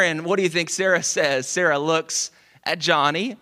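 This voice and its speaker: A man preaching a sermon, telling a story in a lively, conversational way with dramatic pauses. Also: high voice, clear, resonant tone. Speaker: pastor.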